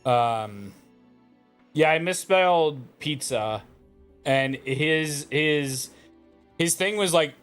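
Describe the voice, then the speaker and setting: A man's voice: a little high, very slow, long pauses, fairly bright tone, clean tone, soft background music. A young man streaming, reading visual novel narration aloud and joking with chat, playful and swearing.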